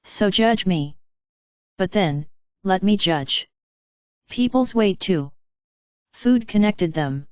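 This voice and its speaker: A woman narrating an audiobook in an even, wry storytelling read. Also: mid-range voice, takes it slowly, pauses often, no echo, dull audio.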